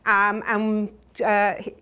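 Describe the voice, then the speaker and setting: A woman's voice: medium pitch, completely flat delivery, slow pace, pushed and bright, smooth. A middle-aged woman telling funny personal stories to customers in a tearoom, chatty and self-mocking, laughing as she goes. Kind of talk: humorous personal storytelling. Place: tearoom with a live audience.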